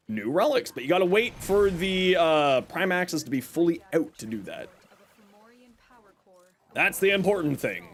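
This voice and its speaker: Lively high-voiced male game streamer. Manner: upbeat, greets chat by name; playfully sarcastic. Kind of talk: casual live-stream chat.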